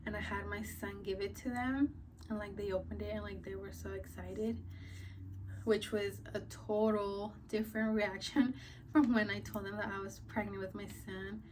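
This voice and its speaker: A woman's voice: mid-range voice, fairly even intonation, normal speed, darkish tone, a little hiss or hum. Chatty young woman with a slightly distant mic. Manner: chatty, many fillers like "like" and "um". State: a little out of breath. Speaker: vlogger. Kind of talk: casual storytime chat.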